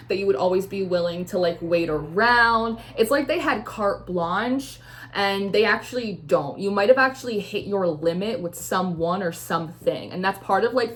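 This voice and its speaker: A woman's voice: mid-range voice, slight background noise. Young woman, tarot reader; loose, filler-heavy rambling with acted-out quotes. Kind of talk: casual intuitive tarot reading.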